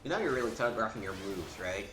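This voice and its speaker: A man's voice: on the low side, expressive, fast, reverberant, over music, poor audio. A man hosting a let's play, giving casual, sarcastic commentary and muttering to himself as he plays.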